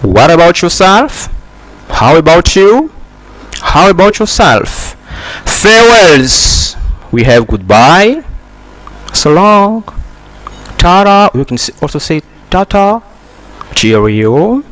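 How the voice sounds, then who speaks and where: Male teacher, slightly high voice, slow and deliberate, repeats each phrase. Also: sing-song, fairly bright tone, poor audio. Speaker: English teacher. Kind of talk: slow spoken English lesson.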